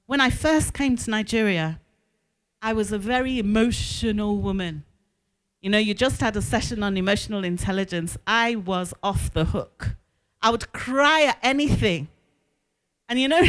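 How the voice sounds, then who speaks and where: A woman school consultant giving a talk to school staff in a conference hall, telling stories with lively, emphatic repetition. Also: fairly high pitch.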